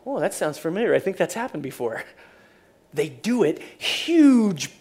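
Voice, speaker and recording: Woman pastor preaching, chatty storytelling, goes big then drops to a hush. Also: lowish voice, unhurried. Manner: animated, swings from loud to hushed; casual, conversational retelling. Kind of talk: sermon storytelling.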